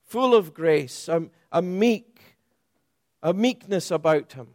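A man preaching a sermon, stressing key words by rising and then dropping low and soft. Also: expressive, slow pace, dry recording, studio quality.

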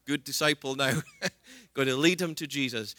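A man's voice: mid-range voice, normal speed, sharp tone, dry recording. A man preaching a sermon in an earnest way, retelling scripture scenes and voicing the people in them.

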